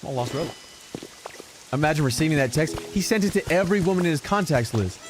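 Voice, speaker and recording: A man streaming a game and telling a story in casual chat, animated and given to exaggerated repetition. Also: on the high side, fairly quick, faint music behind. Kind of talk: casual storytelling while gaming.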